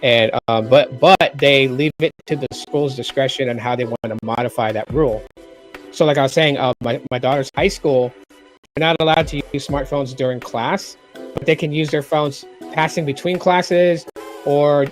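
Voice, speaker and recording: A man's voice: medium pitch, normal speed, faint music behind. A middle-aged man hosting a tech livestream in casual chat, rambling and repeating himself as he tells stories. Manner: rambling, repeats phrases, lively storytelling.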